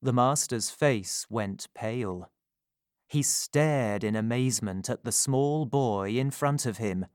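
Slow, calm storybook narrator, a man. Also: mid-range voice, no echo, studio quality. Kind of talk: storybook reading.

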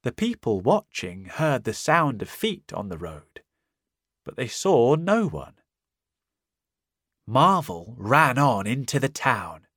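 A man narrating a simplified storybook in a slow, clear, careful reading. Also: medium pitch, sing-song, fairly bright tone, no echo, studio quality. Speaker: audiobook narrator. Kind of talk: scripted narration of a simplified reader.

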